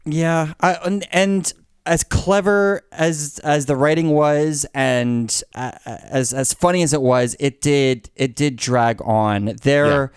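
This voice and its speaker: A man's voice: a little high, slow, clean tone, no room sound, studio quality. A man co-hosting a casual movie podcast, talking in a hesitant way with frequent restarts and fillers. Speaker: podcast co-host.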